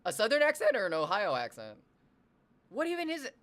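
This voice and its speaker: Casual streamer from the US Northwest chatting with viewers: a bright voice that swings widely in pitch, cursing and poking fun at themselves. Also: a little fast. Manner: animated, swears freely, self-deprecating.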